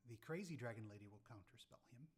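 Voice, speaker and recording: A man's voice: mid-range voice, expressive, fast, slightly rough. A young man running a tabletop game as game master, narrating unhurriedly with many fillers.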